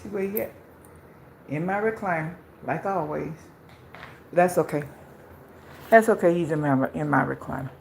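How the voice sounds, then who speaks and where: A woman's voice: sits low, normal speed, creaky, long pauses, darkish tone, slight background noise, low-quality recording. A woman chatting casually on a live phone stream while walking outdoors and then at home, rambling and repeating phrases, out of breath from walking. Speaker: vlogger. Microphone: phone camera.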